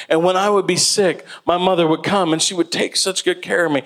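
A man with a high voice delivers a sermon, moving from animated, laughing storytelling into slower, earnest preaching. Soft music plays faintly behind him. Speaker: pastor.

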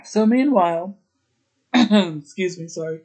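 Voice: mid-range voice, slow pace, darkish tone. A podcast host giving a casual, chatty recap of a TV episode, wandering into asides as they go. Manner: meandering, chatty retelling with asides.

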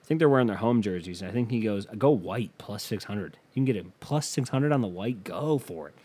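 A man's voice: on the low side, lively intonation, brisk, a little mellow, husky. A man hosting a casual solo podcast, offhand and profane as he reads betting odds aloud. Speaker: podcast host.

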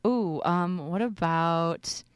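A woman's voice: on the low side, extremely slow, clear, resonant tone, no echo. A young woman co-hosting a playful chat, teasing and laughing as she reads out short paragraphs. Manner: giggly, teasing, animated. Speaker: co-host. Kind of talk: playful casual chat and reading. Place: small studio, close mic.

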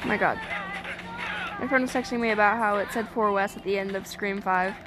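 A woman giving casual let's-play commentary, excitable and chatty, swearing and joking at the game's characters. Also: medium pitch, brisk, noisy background. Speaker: gaming streamer. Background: game music.

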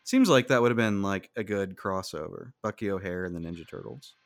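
A man's voice: low voice, a little fast, gravelly, dry recording, studio quality. A man hosting a casual podcast chat, rambling with many fillers and frequent laughs. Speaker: podcast host.

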